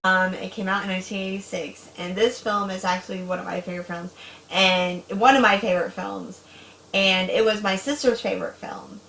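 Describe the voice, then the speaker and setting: A woman in her thirties hosting a casual chat, talking in a chatty, animated way with sudden loud bursts. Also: medium pitch, brisk, vocal fry. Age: 30s. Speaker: host. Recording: echoey room.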